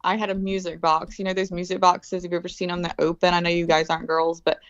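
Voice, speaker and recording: A woman, telling a story in a casual chat, animated and swearing freely, acting out quoted voices. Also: lowish voice, fast, clean tone, no echo. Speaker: guest. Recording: dull lo-fi call audio.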